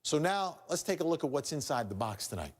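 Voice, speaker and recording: A man hosting a studio legal talk show, briskly putting questions to guests and a mock jury. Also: a little high, big pitch swings. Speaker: TV host.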